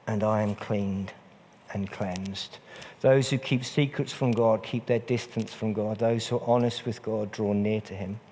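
A man's voice: on the low side, steady tone, unhurried, warm tone, slight background noise. A man preaching a sermon in a church, earnest and repeating phrases for emphasis. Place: church hall. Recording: long church reverb.

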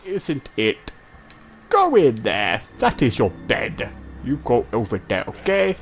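A man's voice: medium pitch, wildly swooping pitch, slow pace, creaky, slight background noise. A man giving jittery let's play commentary, swearing and talking straight to his viewers. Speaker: gamer.

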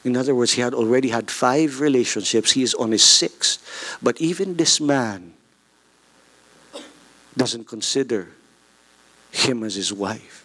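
A man with a Filipino accent preaching a sermon, animated, mixing English and Tagalog with jokey asides. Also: medium pitch, unhurried, pauses often, breathy edge.

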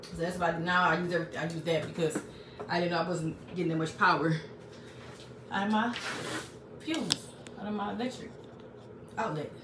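A woman's voice: on the low side, fairly even intonation, moderate pace, pauses often, recorded from a distance. A chatty woman hosts a live crafting stream from a small craft room at home, talking straight to her viewers. Her voice sounds roomy and set back from the mic, with a faint hum of background noise. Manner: chatty, talks straight to viewers, reads out comments. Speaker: crafting livestream host.

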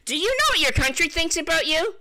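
A woman's voice: very high voice, big pitch swings, fast talker, sharp tone, rough recording. A woman confronting a scammer over the phone, taunting and insulting him with scorn.

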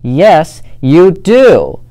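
Fluffy she-bear, storybook, bossy but kind, pitched high and strained as a young man puts her on; brings a different color than his own voice. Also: animated, slow pace. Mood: shouting. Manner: insistent, rising to shouts in an argument. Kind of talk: storybook character voice.

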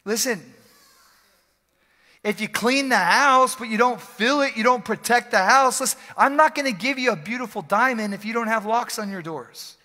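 A male pastor preaching an energetic, joking, conversational sermon in a church service, often repeating phrases for emphasis. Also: very high voice, moderate pace. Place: church sanctuary during a service. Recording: long hall reverb from a church.

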